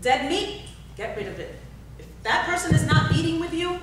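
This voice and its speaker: Heavy background noise surrounds a very high-pitched, animated woman speaking at a moderate pace. Her motivational workshop talk, captured from far away in an echoing large hall, keeps urging listeners with repetitive calls and questions.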